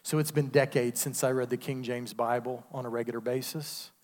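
Fiery preacher in a reverberant sanctuary. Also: male voice, mid-range voice, steady tone, fairly quick, a little mellow. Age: 50s. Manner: preaching with call-and-response asides. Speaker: pastor. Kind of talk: sermon. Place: church sanctuary. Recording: long hall reverb.

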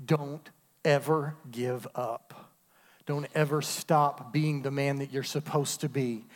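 A man's voice: mid-range voice, steady tone, slow. A man, preaching a sermon with call-and-response asides. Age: 50s. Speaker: pastor. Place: church sanctuary. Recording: long hall reverb.

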